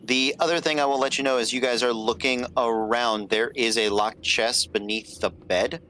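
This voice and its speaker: A man's voice: medium pitch, fairly even intonation, normal speed, pushed and bright, slight background noise. A man narrating as game master of a tabletop game, loose and apologetic, with lots of fillers.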